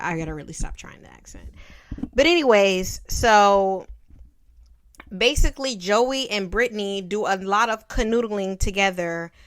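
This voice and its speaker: A young woman in her twenties reviews a childhood film in a playful, slangy, sarcastic way. She takes her time, with an unhurried, drawn-out delivery. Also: medium pitch, fairly bright tone. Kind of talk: casual commentary.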